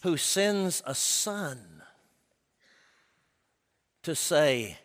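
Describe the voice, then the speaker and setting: Male preacher, slightly high voice, unhurried and emphatic, drops to hushed intensity; long hall reverb. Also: expressive. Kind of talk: sermon.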